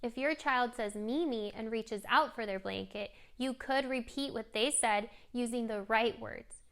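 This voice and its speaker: A woman presenting a scripted lesson for parents on modeling language for young children, coaching in a clear, gentle way. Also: fairly high pitch, a little slow. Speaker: speech therapy presenter. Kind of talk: scripted instructional narration.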